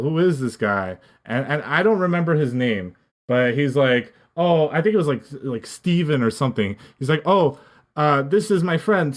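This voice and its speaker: A young man and podcast guest, telling a casual story in a rambling way with many restarts. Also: medium pitch. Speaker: podcast guest, esports coach.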